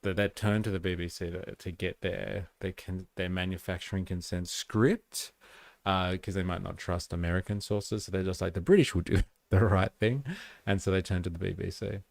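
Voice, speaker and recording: Male stream host with a Western Sydney Australian accent, low and gravelly, loose and chatty, dry close mic. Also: little pitch movement, normal speed, no echo. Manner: rambling, lots of "like" fillers, chatty with viewers. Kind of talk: casual political commentary stream.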